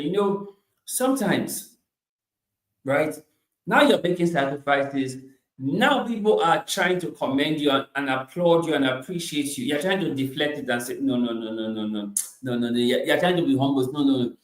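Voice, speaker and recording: Guy doing a pep talk, high voice, keeps repeating himself, lots of room echo. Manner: emphatic, repeats phrases, swings between loud bursts and quiet asides. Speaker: motivational speaker. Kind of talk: motivational talk.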